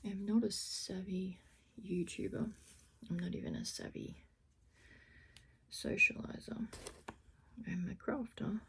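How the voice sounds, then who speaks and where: A woman crafter chatting casually through a felting tutorial, self-deprecating, often dropping into a soft half-whisper. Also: on the low side, creaky, a little hiss or hum, rough recording. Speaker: crafter demonstrating needle felting.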